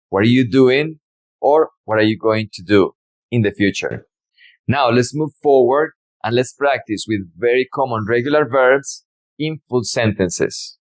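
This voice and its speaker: A man with a Latin American Spanish accent, teaching a Spanish lesson and repeating words slowly and clearly for learners. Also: mid-range voice, animated. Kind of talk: slow, deliberate language lesson.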